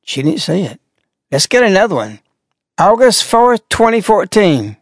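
A man's voice: sits high, big pitch swings, a little slow, dry recording, studio quality. An older man, a religious broadcaster, commenting sarcastically and mockingly on clips he plays.

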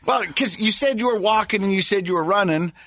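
A man's voice: high voice, fairly quick, fairly bright tone, no room sound, studio quality. A middle-aged man co-hosting a podcast, telling family stories in casual chat and teasing his co-host. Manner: teasing, chatty, quotes people in dialogue.

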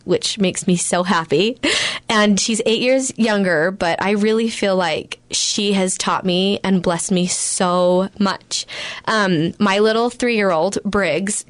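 A woman's voice: mid-range voice, dry recording. A woman in her thirties, a radio guest, telling a personal story and acting out the quotes in it. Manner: animated storyteller who acts out quotes.

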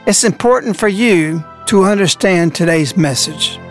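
A radio host giving an earnest devotional talk, slowing down to stress key words. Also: medium pitch, faint music behind.

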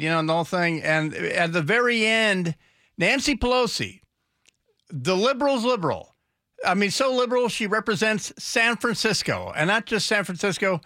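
A man's voice: sits high, bright, forceful tone, no echo. A man hosting a talk radio show, rambling commentary with sarcastic, mocking asides into a studio microphone.

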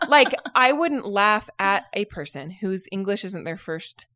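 A woman's voice: medium pitch, lively intonation, unhurried, bright, forceful tone. Chatty woman with a Utah accent. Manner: chatty storyteller, laughs often. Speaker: podcast co-host. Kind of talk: casual chat.

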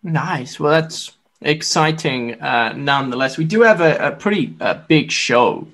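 A man's voice: fairly high pitch, unhurried. A man hosting a sports podcast, talking casually with lots of fillers and restarts. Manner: lively, filler-heavy, chatty. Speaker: podcast host.

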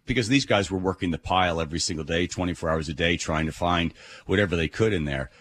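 A man on a phone call, telling a story in a casual radio chat, expressive and animated. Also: low voice, fast, slight background noise. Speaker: radio host calling in. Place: bar, on the phone.

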